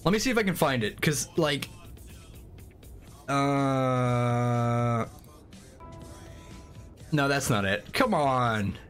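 A man livestreaming a strategy game, chatting casually and excitably with frequent swearing and rambling asides. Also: mid-range voice, very slow, pauses often. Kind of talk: casual gameplay commentary. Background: faint game music.

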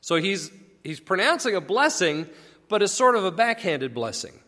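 Animated man teaching the Bible. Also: sits high, normal speed. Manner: explanatory, conversational, asks rhetorical questions. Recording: long echoey reverb.

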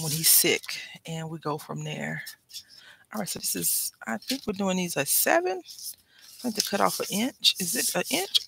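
A woman's voice: low-pitched, creaky, pushed and bright, poor audio. A woman chatting casually while she works on a craft project, rambling and wryly complaining in an easygoing way.

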